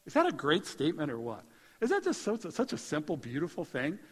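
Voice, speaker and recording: A pastor preaching a sermon in a conversational, animated way, building to emphatic peaks. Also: male voice, on the high side, brisk, breathy edge. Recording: hall reverb.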